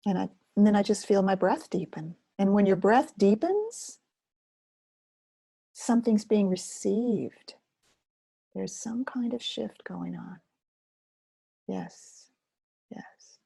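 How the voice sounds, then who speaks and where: An older woman hosting a self-care webinar, speaking softly and slowly in a soothing way and sometimes dropping to a whisper. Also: mid-range voice, gravelly, breathy edge. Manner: soft, slow and soothing, drops to a whisper. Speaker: webinar host and Focusing teacher.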